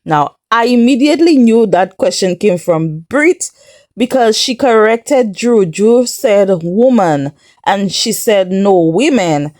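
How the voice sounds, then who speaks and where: A woman's voice: fairly high pitch, animated, takes it slowly, a little mellow, no echo, studio quality. Chatty woman recapping reality TV. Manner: chatty and incredulous, laughs often. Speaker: recap vlogger. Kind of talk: casual TV recap commentary.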